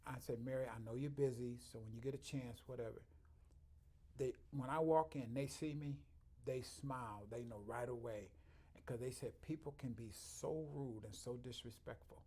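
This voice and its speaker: A man's voice: mid-range voice, normal speed, warm tone, slightly rough. A man, a chiropractor, talking earnestly in an interview, telling heartfelt stories and quoting the people he has met. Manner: earnest, heartfelt, often quoting others, laughing at his own stories. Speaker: chiropractor, guest. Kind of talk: conversational interview storytelling.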